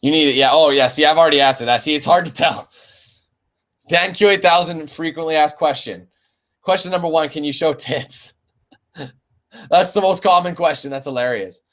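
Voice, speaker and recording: Gamer guy answering chat questions, laid back and rambly, swears a lot, kinda high voice. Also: moderate pace, pauses often, a bit bright. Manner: rambling, laughs often, swears casually. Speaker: let's play channel host. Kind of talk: casual live Q&A.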